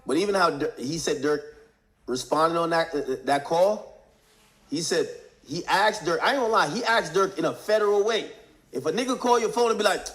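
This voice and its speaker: High-pitched man, casual street-slang commentator, animated retelling of testimony. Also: moderate pace. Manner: animated slang-heavy retelling, acting out quotes. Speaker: commentator recapping court testimony.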